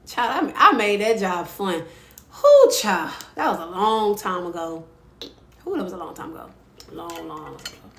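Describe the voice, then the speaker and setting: A woman's voice: normal speed, vocal fry. A playful woman chats on a livestream, laughing often and swooping up into squeals when something thrills her. Her voice sits mid-range and sounds roomy, with faint ambient noise behind it. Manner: expressive, swoops into high squeals when excited. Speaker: livestream host. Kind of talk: casual livestream chat. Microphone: phone mic.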